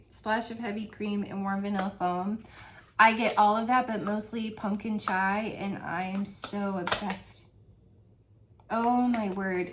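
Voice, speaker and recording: In a casual home product review vlog, a woman reviewing wax melts gushes and laughs often while describing her favorite scents. Her voice is mid-range, with slight background noise.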